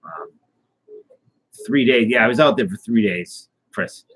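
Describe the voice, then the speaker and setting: A man telling a tall tale in a rambling, deadpan way, with many fillers and restarts. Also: lowish voice, measured pace, slightly rough, rough recording. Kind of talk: casual tall-tale storytelling.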